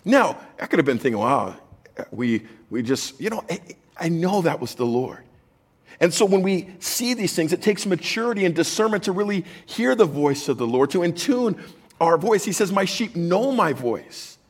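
A man's voice: sits high, lively intonation, normal speed, breathy edge. A man preaching a sermon as pastor, conversational and jokey, reading scripture aloud to the congregation.

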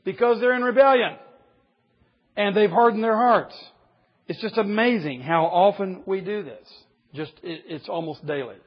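A man's voice: high-pitched, moderate pace. Man, pastor, sermon, emphatic storyteller, dull lo-fi recording.

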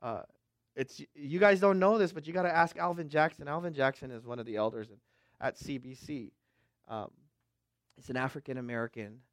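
A middle-aged pastor from the West Coast preaching a sermon, dropping to quiet asides and rising to loud, slow proclamations while checking in with "amen?" and "okay?". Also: male voice, medium pitch, no room sound, clean studio sound. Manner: swings from hushed asides to loud, drawn-out proclamation; asks the crowd for response with "amen?" and "okay?".

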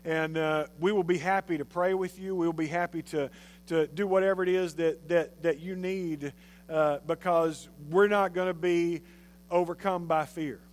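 A male pastor giving a sermon, telling a story in an animated, conversational way. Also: a little high, normal speed.

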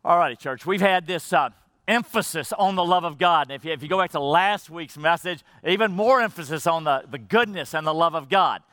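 Male pastor, sermon delivery, fairly high and bright voice, dry close sound, shifts from fervent to hushed, repeats for emphasis. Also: lively intonation, a little fast, no echo. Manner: swings from fervent rising emphasis to hushed low drops.

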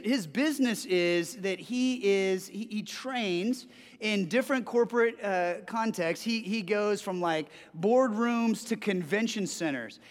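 A male pastor preaches with an animated, storytelling delivery, often stumbling and repeating words as he goes. His voice sits high for a man. The sound rings with a long reverb, as if in a large hall. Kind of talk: sermon.

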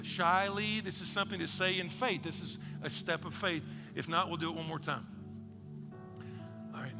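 A man's voice: sits high, gravelly, long reverb tail. A male pastor preaching a sermon in a conversational, joking way, leading the congregation in spoken declarations.

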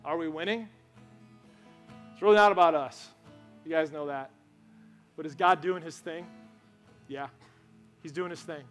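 A pastor with a high, light voice talks to his congregation in a relaxed, storytelling way, often asking them questions. Soft guitar music plays faintly behind his sermon. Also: measured pace, pauses often. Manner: conversational, storytelling, asks the crowd questions. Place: church sanctuary.

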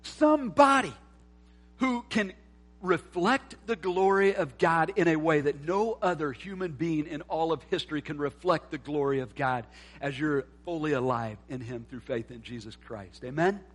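A man preaching a sermon as pastor, moving between loud emphatic lines and quiet, soft reflection. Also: on the high side, normal speed. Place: church sanctuary.

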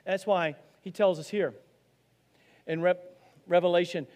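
A man's voice: sits high, fairly even intonation, unhurried, a little mellow, long reverb tail. A man from Arkansas, preaching an earnest, conversational sermon with many restarts. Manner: earnest and conversational, with many restarts and rising emphasis on key lines. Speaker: pastor.

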